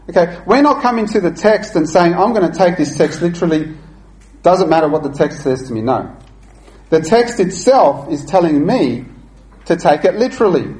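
A man delivering a sermon in an earnest, deliberate teaching manner, his voice sitting a little higher than most men's. He pauses and restarts now and then as he explains. The room around him is echoey. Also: darkish tone. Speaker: preacher.

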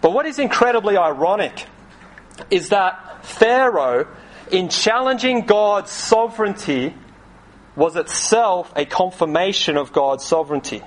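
High-voiced, slow, emphatic male preacher. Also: animated. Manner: measured, emphatic preaching with dramatic voiced quotes. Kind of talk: sermon.

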